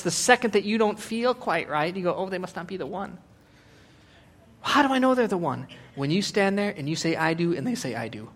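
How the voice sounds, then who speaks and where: A middle-aged man preaching a sermon as a pastor, animated and joking, acting out voices as he goes. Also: high-pitched.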